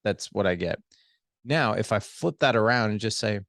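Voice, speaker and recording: A middle-aged man with a low, gravelly voice, talking as a podcast guest. He coaches in a lively, conversational way and slips into acted-out dialogue. The sound is close and dry, with no room around it. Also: normal speed, no room sound. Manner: animated, acts out quoted dialogue. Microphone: studio headset.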